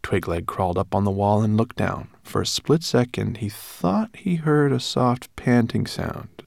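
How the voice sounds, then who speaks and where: A man narrating a children's storybook, expressive and voicing each character. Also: lowish voice, a little slow, creaky, no room sound, studio quality. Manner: expressive, shifts voices for characters. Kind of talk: audiobook narration.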